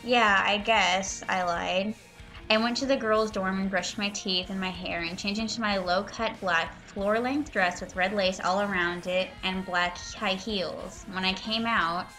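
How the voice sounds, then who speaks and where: A woman reads a story aloud over a voice call and mocks it as she goes. Her voice is bright and forward, and her delivery is sarcastic and full of swearing. She is at a middle pitch for a woman. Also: fairly even intonation, a little slow, faint music behind. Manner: sarcastic, swearing, breaks into laughter. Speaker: reader and commentator. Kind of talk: mocking dramatic reading with commentary.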